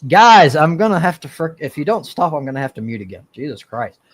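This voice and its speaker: A man's voice: fairly high pitch, a little fast. Man moderating a rowdy live stream. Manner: calm, interrupts to restore order. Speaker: host and moderator.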